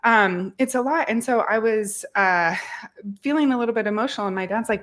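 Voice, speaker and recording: A woman in her thirties talks through a fitness podcast in an earnest, reflective, motivating way. Her voice sits at a middling pitch for a woman. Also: brisk, fairly bright tone. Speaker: fitness podcast host and coach. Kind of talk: casual podcast chat.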